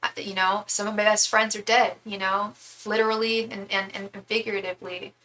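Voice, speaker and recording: A young woman tarot reader chatting on a live stream, rambling from story to story with plenty of fillers. Her voice is bright and forceful, sitting at an ordinary middle pitch. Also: level tone, a little fast. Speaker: tarot reader and psychic medium. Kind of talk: casual live-stream chat.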